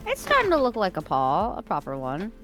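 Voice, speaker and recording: A woman streamer chatting casually on a live stream, telling stories in a giggly, animated way. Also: mid-range voice, brisk, faint music behind.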